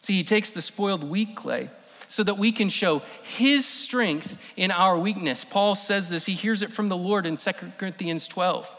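Male pastor preaching, high bright voice, leans hard on repeated lines, church hall echo. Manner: emphatic, repeats key phrases, slows for stress. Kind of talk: sermon. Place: church sanctuary. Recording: long reverb of a church hall.

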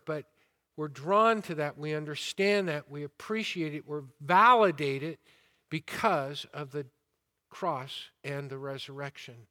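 Slow-preaching high-voiced man. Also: long reverb tail. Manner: deliberate preaching with rising emphasis and quiet asides. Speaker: pastor. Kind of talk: sermon.

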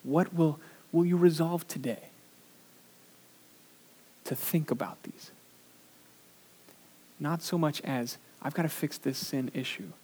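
A man preaching a sermon in an earnest way, sometimes pausing on "uh", who pushes his voice up for emphasis and then drops it low and quiet. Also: slight background noise. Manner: earnest preaching with frequent "uh" fillers. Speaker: pastor.

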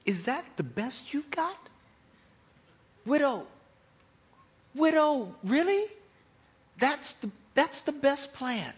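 A man's voice: extremely high pitch, sing-song, slow, pauses often, fairly bright tone, slightly rough, voice pushed up, full character voice. A preacher voicing a doubtful prophet who reacts to his orders with wry disbelief. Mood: incredulous. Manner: incredulous, wry.

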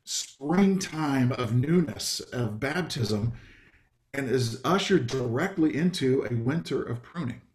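A man preaching in a relaxed, conversational way, often stopping for ums and small asides. His voice sits at an ordinary middle pitch for a man. He speaks as a pastor addressing his congregation over a video call. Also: slow, slight background noise.

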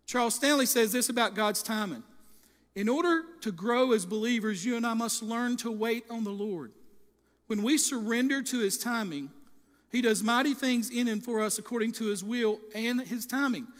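A high-pitched man preaching with fervour in a church sanctuary, his voice trailing off into a long reverb from the hall around him. He often trips over and restarts his phrases. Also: normal speed, fairly bright tone. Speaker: pastor. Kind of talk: sermon.

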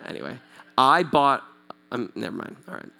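A man's voice: medium pitch, normal speed, creaky. A male pastor preaching in a casual, joking way, laughing often, restarting words, and talking straight to his audience. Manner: repeats and restarts words when excited. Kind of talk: conversational sermon.

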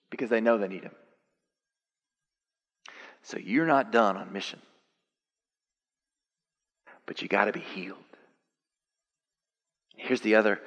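Male pastor preaching, gets loud and high when fired up, long echo from a big hall. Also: a little slow, pauses often, breathy edge. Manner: animated, rising to high excited peaks. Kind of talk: sermon.

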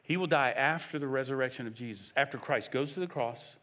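A man preaching a sermon as pastor, emphatic and animated, firing off rhetorical questions. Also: mid-range voice, a little fast.

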